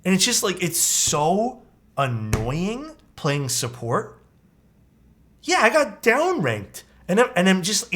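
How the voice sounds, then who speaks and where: A young man chatting casually on a live stream, animated and swearing often, calling his viewers dude. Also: fairly high pitch.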